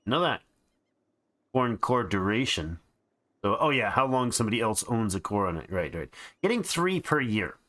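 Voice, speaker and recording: A man's voice: on the low side, big pitch swings, moderate pace, fairly bright tone. A tired man hosting a let's play, thinking aloud in casual game commentary with frequent restarts. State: tired and yawning.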